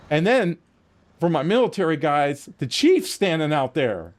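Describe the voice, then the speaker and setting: A man's voice: a little high, normal speed. A man streaming a game, telling a long story casually with lots of swearing and acting out his own lines. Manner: profane, animated storytelling with frequent restarts. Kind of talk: casual storytelling while gaming.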